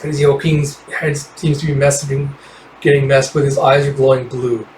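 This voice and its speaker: A man narrating a comic readthrough, excitable and reacting aloud with swearing as he goes. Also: mid-range voice, normal speed. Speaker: reader. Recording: roomy, distant mic, faint hiss.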